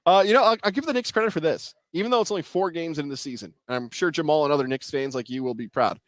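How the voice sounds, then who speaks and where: Opinionated sports radio guy, voice a bit on the high side, dry close mic. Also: dry recording. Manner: opinionated, animated, quick to laugh. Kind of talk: casual sports talk.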